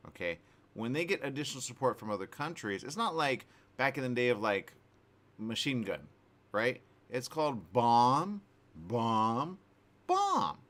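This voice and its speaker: In a radio studio, a man of medium pitch and normal speed hosts a morning talk show. He rambles along casually and animatedly, with lots of fillers and restarts.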